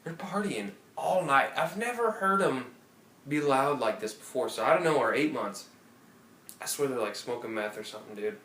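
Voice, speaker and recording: A man co-hosting a casual podcast tells a rambling, profane story full of restarts, speaking at normal speed with lively intonation and a medium, slightly bright pitch. He was recorded on a phone or tablet from off-mic in an apartment room, so the audio is roomy with slight background noise.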